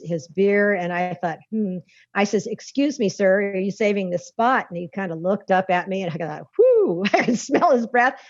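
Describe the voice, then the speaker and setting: A woman spinning a long, rambling story in a folksy, conversational way, often laughing between phrases. Her voice sits at a middling pitch. The recording sounds dull and lo-fi, with no room echo at all. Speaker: guest author.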